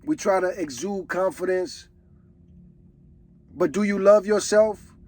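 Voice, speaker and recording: A man's voice: high voice, slow pace, darkish tone. A man, reacting to a song in casual commentary, earnest and preachy. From Chicago. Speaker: reaction video host.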